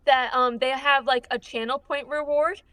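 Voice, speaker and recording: A woman's voice: sits high, fairly even intonation, moderate pace, a bit bright, dry recording. A woman player on a tabletop game stream, chatting and explaining with fillers. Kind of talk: casual chat before a tabletop game.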